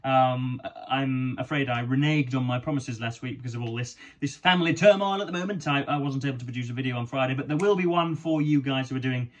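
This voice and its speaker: Young man, book review vlog, halting speech with many repeats, dry humour, fancy vocabulary. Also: mid-range voice. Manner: hesitant, stammering with many repeated words and ums; wry, ornate wording. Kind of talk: casual book review to camera.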